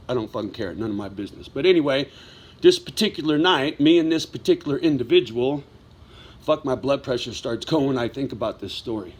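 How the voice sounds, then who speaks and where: A middle-aged man telling a story in a casual vlog monologue, blunt and heavy with swearing, wound up as he talks. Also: fairly high pitch. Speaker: vlogger.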